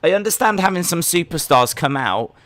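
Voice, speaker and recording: Male reaction host, bright forward tone, dry close sound, rambling casual delivery. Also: a little high, lively intonation, brisk, no room sound. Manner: casual, musing, rambling with fillers and restarts. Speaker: watch-along host. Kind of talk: live reaction commentary.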